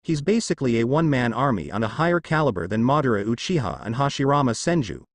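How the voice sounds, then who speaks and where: Male narrator for a fan fiction reading, expressive delivery, lively pitch, dry close sound. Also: fast talker, no echo.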